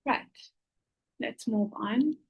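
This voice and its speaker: A woman's voice: fairly high pitch, drawn-out words, gravelly, slightly rough, dull audio. Patient woman teacher checking in often. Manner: patient, repeats "okay?" to check understanding. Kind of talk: explaining grammar rules to students.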